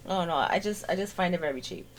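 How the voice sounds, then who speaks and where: A woman's voice: on the low side, animated, fast, soft background music. A woman hosting a reaction commentary, sarcastic and exasperated as she picks apart a clip. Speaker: commentary host.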